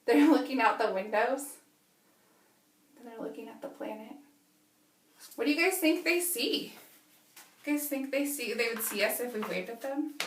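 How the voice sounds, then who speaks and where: A woman teacher reading a picture book aloud to young children, stopping often to ask them animated questions. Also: on the high side, a little slow, long pauses, distant mic. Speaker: preschool teacher. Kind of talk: children's story read-aloud lesson. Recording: echoey room, away from mic.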